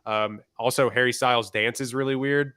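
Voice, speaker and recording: Man, podcast co-host, laid-back, hesitant, crisp bright voice, dry sound. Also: medium pitch, steady tone, brisk, no echo. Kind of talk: casual movie review chat.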